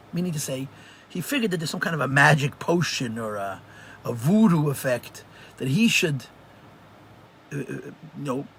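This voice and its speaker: A man, a rabbi, teaching a live religious class and telling stories in an animated way, often repeating phrases for emphasis. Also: fairly high pitch, a little hiss or hum.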